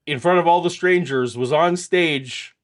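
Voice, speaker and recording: Middle-aged guy rambling thru an awkward story, kinda high voice, keeps restarting and laughing at himself. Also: unhurried. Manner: rambling storyteller, self-deprecating, lots of restarts. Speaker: podcast co-host. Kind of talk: casual chat.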